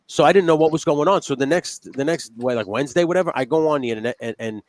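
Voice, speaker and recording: A man's voice: fairly high pitch, fast. A man co-hosting a wrestling podcast, ranting in a heated and profane way. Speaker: podcast co-host. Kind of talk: casual wrestling chat.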